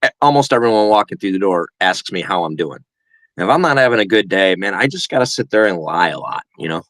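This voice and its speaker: A man's voice: sits low, expressive, fast, fairly bright tone, no room sound. A man chatting casually on a live stream, rambling and laughing often. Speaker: guest co-host.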